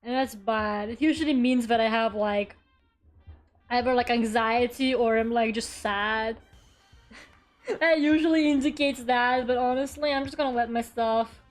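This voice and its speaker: This is casual live-stream chat from a woman's own room, where she rambles, occasionally swears, and talks to her viewers. She sounds a little high and unhurried over soft background music.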